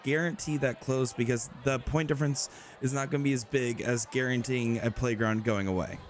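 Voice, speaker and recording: A man's voice: medium pitch, fairly even intonation, moderate pace, a little hiss or hum. Frank, analytical male darts pundit. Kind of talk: live sports commentary.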